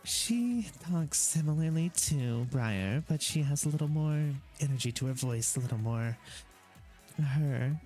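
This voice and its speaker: A man voicing a flat-voiced woman who handles the money, nearly monotone with a touch of energy. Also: on the high side, measured pace, soft background music.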